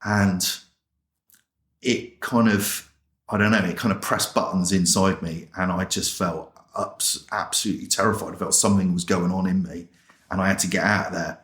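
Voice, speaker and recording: A man's voice: sits low, steady tone, normal speed, fairly bright tone, roomy sound. A man from England, a chaplain telling his personal testimony in a plain-spoken, colloquial way and acting out remembered dialogue. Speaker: chaplain and interview guest. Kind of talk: personal testimony told as a story.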